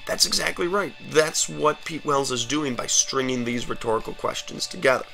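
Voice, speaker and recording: Energetic male grammar teacher. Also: mid-range voice, moderate pace, gravelly, hardly any pauses, faint music behind. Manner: energetic, emphatic, addressing students. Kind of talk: recorded grammar lesson.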